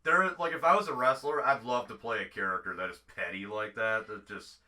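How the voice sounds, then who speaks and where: A male podcast host chats casually and with enthusiasm, often swearing. His voice is fairly low but very bright and forceful. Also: fairly quick.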